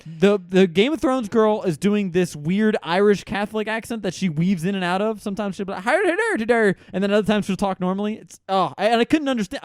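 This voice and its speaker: A high-pitched male podcast co-host picking apart a film in loose chat. He is blunt and swears freely, laughing at his own jabs. His voice is recorded dry and close. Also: darkish tone, no room sound. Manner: blunt, profane, laughs often. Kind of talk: casual movie review chat.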